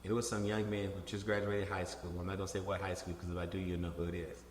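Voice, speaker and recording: A man, a political candidate, talking in a casual interview with animated, profane storytelling and frequent restarts. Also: low-pitched, fast talker, a little hiss or hum. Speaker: congressional candidate. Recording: echoey room with long reverb.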